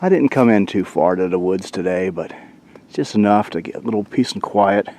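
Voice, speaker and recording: A man's voice: low-pitched, moderate pace. Man, outdoor vlogger, easygoing chat to camera, recorded on a camcorder outdoors. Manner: relaxed, chatty, talks to the camera. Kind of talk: casual solo vlog. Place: outdoors in winter woods by a creek. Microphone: handheld camcorder mic.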